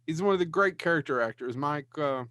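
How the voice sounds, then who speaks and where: A man co-hosts a podcast, chatting casually about films, rambling, swearing and forgetting names. His voice sits on the high side with a fairly bright tone, he talks fairly quickly, and the recording is dry.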